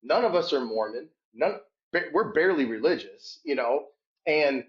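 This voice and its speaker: A man telling a rambling, animated sports story in a casual podcast chat. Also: moderate pace. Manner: animated, shouts quoted hecklers in a high voice. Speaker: podcast guest. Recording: dull lo-fi sound.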